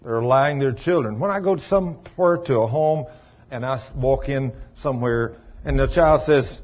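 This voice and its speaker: A man preaching a folksy, storytelling sermon in a colloquial, animated way. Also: medium pitch, normal speed, muffled recording. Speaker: pastor.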